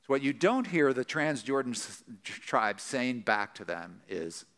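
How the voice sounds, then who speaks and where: A man's voice: a little slow, hardly any pauses. A man preaching a sermon, talking through a Bible passage and acting out the quoted voices with a lot of energy. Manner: animated, acts out quoted voices with rising pitch. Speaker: pastor.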